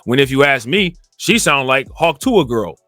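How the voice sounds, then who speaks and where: A man from Cleveland talking in a casual, rambling commentary monologue. He often repeats filler phrases and gets more animated when indignant. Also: mid-range voice, normal speed, dry recording, studio quality, soft background music. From Cleveland, Ohio. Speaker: commentary channel host.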